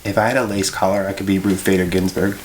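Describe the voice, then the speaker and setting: A man's voice: sits low, flat delivery, fast, noisy background. A man with a Nova Scotian accent co-hosting a podcast, joking in a brash, crude way. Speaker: podcast co-host. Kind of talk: casual chat.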